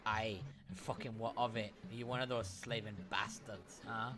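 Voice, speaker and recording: A man voicing a gruff, hostile woman drinker in a mead hall, coarse and confrontational. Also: lowish voice, level tone, moderate pace, pitched below the performer's own voice, natural voice.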